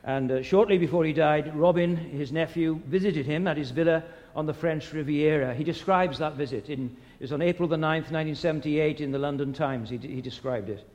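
A man's voice: on the high side, fairly quick, hardly any pauses, darkish tone, long reverb tail. A man preaching a sermon who retells a story and asks the listeners rhetorical questions.

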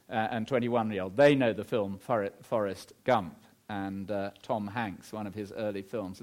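A middle-aged man preaching a sermon, emphatic, posing rhetorical questions and swinging his pitch widely. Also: darkish tone.

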